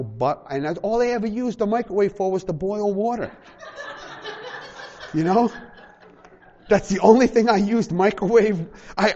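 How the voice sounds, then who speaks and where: On a lo-fi recording, a high-pitched male pastor preaches animatedly to a small congregation, performing little dialogues and bantering with the room.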